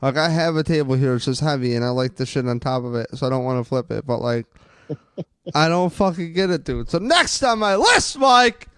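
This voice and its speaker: A young man co-hosting a casual sports podcast, ranting excitably and swearing a lot. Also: mid-range voice, brisk, clean tone, dry recording, studio quality. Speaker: podcast co-host.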